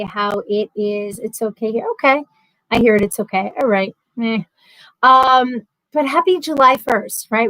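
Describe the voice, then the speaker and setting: A woman's voice: on the high side, a bit bright, no echo, low-quality recording. A woman, hosting a casual livestream, chatting and reading out viewer comments, laughing easily. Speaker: livestream host.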